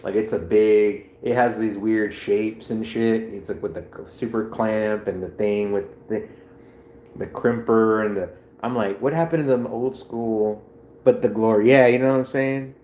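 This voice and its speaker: Male streamer, casual rambling chat, low voice, roomy echo. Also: steady tone, normal speed, darkish tone. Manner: loose, rambling, swearing. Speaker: livestreamer.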